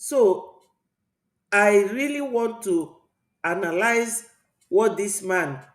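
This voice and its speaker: A woman's voice: mid-range voice, lively intonation, takes it slowly. A woman with an Igbo accent delivers political commentary on her own channel, drifting and preaching as she goes. Her voice sits in the middle of the range. It rings in a noticeably echoey room. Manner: rambling, mixes Igbo and English, preachy. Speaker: channel host. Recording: roomy echo.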